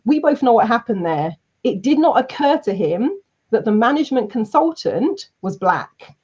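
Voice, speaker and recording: Lively woman telling a story. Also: fairly high pitch, moderate pace, breathy edge. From South London, England. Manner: lively, acts out quoted voices. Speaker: guest speaker and trainer. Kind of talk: animated storytelling in an interview. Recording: dull lo-fi recording.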